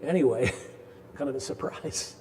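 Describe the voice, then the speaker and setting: A man's voice: medium pitch, lively intonation, measured pace, dark tone, in a large hall. An older man in his sixties giving a casual, folksy talk on addiction at a parish, joking with the audience. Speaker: presenter of a parish addiction class. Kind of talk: casual lecture with storytelling. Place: parish hall.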